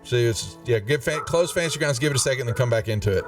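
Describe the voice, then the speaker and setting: A man's voice: mid-range voice, expressive, recorded from a distance. A man running a live tabletop game as game master, in a chatty, laugh-prone way. His voice sits in an average register and is heard from a little way off the mic. Faint music plays underneath. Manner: chatty, laughs often, halting with fillers and restarts.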